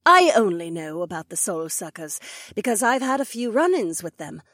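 A proud she-wolf duchess, voiced by a woman, speaks in a husky, measured way. Her tone stays grave and knowing while her pitch moves in lively swings. The sound is dry and close, as in an audiobook dialogue reading. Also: dry recording. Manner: measured, serious explaining.

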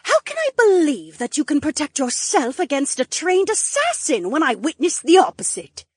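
A woman reads dialogue from an audiobook, performing several characters and swinging her pitch widely and expressively between them. She reads at normal speed, and the recording is dry with clean studio sound.

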